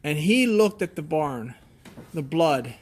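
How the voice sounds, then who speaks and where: A man who farms goats, telling a story in a plainspoken, halting way, often restarting his sentences. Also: fairly high pitch, lively intonation, a little hiss or hum. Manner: plainspoken, halting, shaken retelling. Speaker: goat farmer. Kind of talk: casual storytelling.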